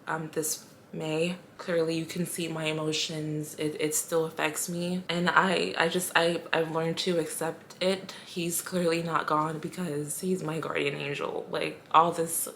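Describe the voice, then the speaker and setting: Low-voiced young woman, emotional vlog. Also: creaky, a little hiss or hum. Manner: emotional, halting, pauses to steady herself. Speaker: vlogger. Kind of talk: personal story-time vlog.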